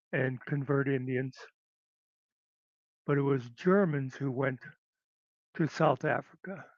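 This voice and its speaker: A man hosting his own show, talking in a sardonic, rambling way with trailing pauses. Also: mid-range voice, no room sound. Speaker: host. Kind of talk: rambling solo commentary. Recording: dull lo-fi dry recording.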